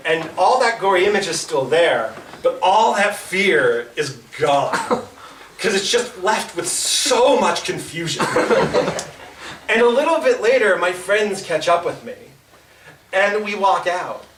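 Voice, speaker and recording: At an open mic in a small comedy club, a young stand-up tells a story haltingly, stumbling and restarting again and again. His voice is high-pitched, lively and fairly bright, picked up without a microphone from across the room in a roomy, distant recording. Audience laughter and slight background noise can be heard.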